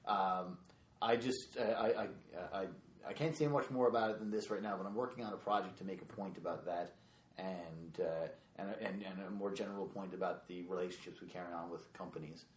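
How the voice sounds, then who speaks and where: A man's voice: low voice, fairly even intonation, brisk. A man, a stand-up comedian, chatting casually on a podcast in a rambling way full of fillers. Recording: echoey room with faint noise.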